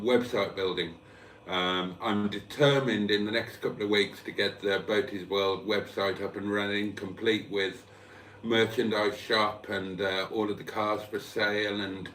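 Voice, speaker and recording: A man's voice: lowish voice, steady tone, measured pace, fairly bright tone, recorded from a distance, a little hiss or hum. A man chatting casually on a live vlog from home, hungover and lisping, in a self-mocking way. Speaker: vlogger. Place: room at home. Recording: roomy, off-mic.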